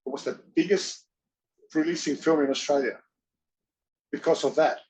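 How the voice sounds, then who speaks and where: Excitable rambling man telling stories. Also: a little high, poor audio. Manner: excitable rambling storyteller, acts out quotes, swears, halting grammar. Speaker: interview guest, former wrestler and actor. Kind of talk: casual storytelling.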